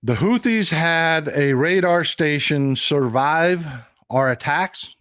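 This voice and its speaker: A man's voice: on the high side, slow, fairly bright tone, dry recording, clean studio sound. A man hosting a casual political commentary livestream, folksy and repetitive, talking straight to his chat.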